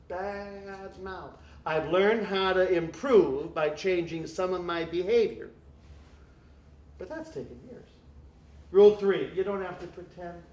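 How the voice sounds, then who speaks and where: A man's voice: sits high, darkish tone. A man, a priest giving an evening talk to a live audience, speaking in a wry, joking way with mock dialogue. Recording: echoey room.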